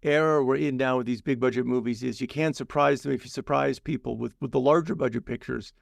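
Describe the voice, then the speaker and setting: Gravelly-voiced man riffing on films. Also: medium pitch, fairly even intonation, fast talker, dry recording, clean studio sound. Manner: playful, riffing, emphatic repetition. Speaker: podcast co-host. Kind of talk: casual film chat.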